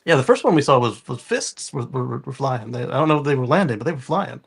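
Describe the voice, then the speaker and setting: A man's voice: mid-range voice, expressive, quick pace, creaky, husky. A man co-hosting a podcast, chatting casually and rambling with many restarts. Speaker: podcast co-host. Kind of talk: casual panel chat.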